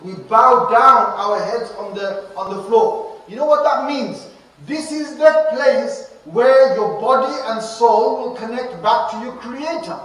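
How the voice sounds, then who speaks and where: A man preaching to youth in a mosque, animated and repetitive, speaking straight to the crowd. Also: extremely high pitch. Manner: animated, repetitive, addresses the audience directly. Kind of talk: live mosque talk. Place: mosque prayer hall, indoors. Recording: echoey hall, distant mic, faint hiss.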